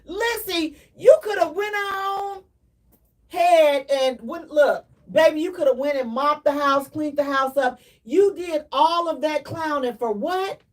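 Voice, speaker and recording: High-voiced woman hosting live radio, preachy and loud at times, unhurried, kinda far off the mic. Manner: animated, preachy, repeats herself, sometimes shouting. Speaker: radio show host. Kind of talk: live call-in radio talk.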